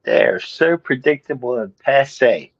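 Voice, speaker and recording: A man's voice: mid-range voice, big pitch swings, takes it slowly, gravelly. A man co-hosting a casual chat, joking and playful. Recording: dull lo-fi sound.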